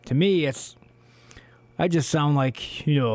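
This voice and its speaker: A man co-hosting a community radio show in casual solo talk, hoarse from losing his voice, rambling with many fillers, in a small studio on a studio microphone. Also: on the high side, unhurried, pauses often, darkish tone. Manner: rambling, heavy on "you know" fillers.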